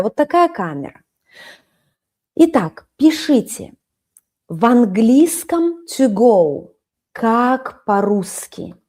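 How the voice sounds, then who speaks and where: Slow-paced woman with Russian accent teaching. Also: fairly high pitch, dark tone. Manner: slow, explaining, switching between English and Russian. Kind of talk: live-streamed language lesson. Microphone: webcam stream.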